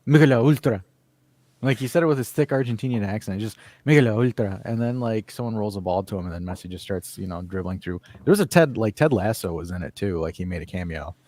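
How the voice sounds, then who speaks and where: A man's voice: fairly low pitch, fast, few pauses, a little mellow, no room sound. A man co-hosting a casual call-in sports podcast, laughing often and acting out bits of stories. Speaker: podcast co-host. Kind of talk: casual call-in show chat.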